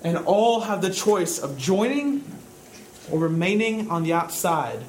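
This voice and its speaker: Emphatic male preacher, higher voice. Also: lively intonation, unhurried, slight background noise, rough recording. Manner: rises to loud, high-pitched emphatic preaching. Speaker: pastor. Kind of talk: sermon.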